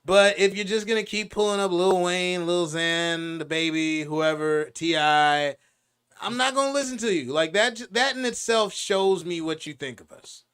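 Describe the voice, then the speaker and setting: Young guy cohosting a podcast, jokey and animated, smooth kinda high voice. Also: moderate pace. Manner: animated, joking, drops into impressions. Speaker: podcast co-host. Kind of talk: casual chat.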